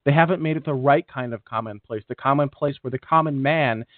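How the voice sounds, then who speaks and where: A man's voice: mid-range voice, fairly quick, dry recording. A man co-hosting a casual space podcast, chatty and rambling with lots of fillers. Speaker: podcast co-host. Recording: tinny phone-like line.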